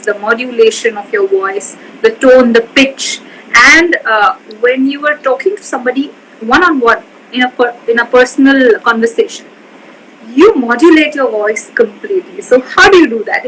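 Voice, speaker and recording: Bright, effusive woman interviewer. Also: fairly high pitch, moderate pace, slight background noise, low-quality recording. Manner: effusive, many affirming interjections. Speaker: interviewer for a pageant organization. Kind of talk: casual interview over a live video call. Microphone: video call.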